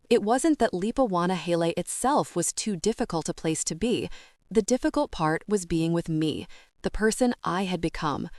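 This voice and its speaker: Low-voiced woman narrating calmly. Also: dry recording, studio quality. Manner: measured, quiet, reflective. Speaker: audiobook narrator. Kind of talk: scripted literary narration.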